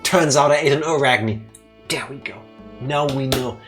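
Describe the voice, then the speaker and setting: Joking man with faint music behind. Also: mid-range voice. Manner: playful, teasing, quick with wordplay. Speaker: co-host of a game let's play. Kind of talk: casual joking commentary.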